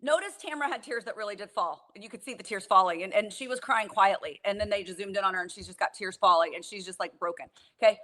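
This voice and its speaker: A woman co-hosting casual reality TV commentary, exasperated and animated, laughing often as she vents. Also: mid-range voice, quick pace, hardly any pauses. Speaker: co-host.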